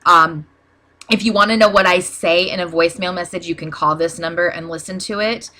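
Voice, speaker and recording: Woman, bright and lower-pitched, explaining a screen tutorial in a practical tone. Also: steady tone, brisk. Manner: plain, practical, many "um" fillers. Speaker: small business owner teaching ad posting. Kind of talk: casual screen-share tutorial.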